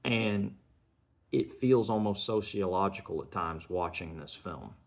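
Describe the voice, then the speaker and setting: A man reviewing a film, retelling its scenes in an earnest, measured way and chaining sentences with "and". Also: low voice, expressive, gravelly.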